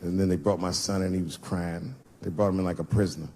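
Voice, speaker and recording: A man doing a stand-up comedy set on a theater stage. He tells his stories loosely and swings into shouts and acted-out voices. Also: low voice, steady tone, quick pace, slight background noise.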